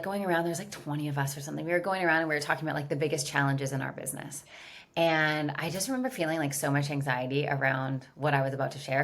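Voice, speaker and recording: A woman's voice: sits low, pushed and bright. A woman guest in a casual podcast interview, telling her story candidly and animatedly with lots of "like" fillers. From California, USA. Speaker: guest, business founder.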